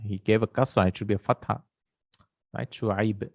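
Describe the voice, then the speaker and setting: A man teaching an Arabic grammar lesson, explaining slowly, repeating terms and checking with "right?". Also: lowish voice, fairly even intonation, vocal fry, no room sound.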